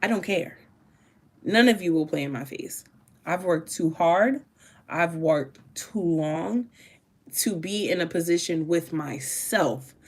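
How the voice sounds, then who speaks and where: A woman's voice: fairly low pitch, takes it slowly. A woman doing a casual tarot reading, talking in a rambling, emphatic way and swearing freely. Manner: profane, rambling and emphatic, with sudden laughs. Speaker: tarot reader.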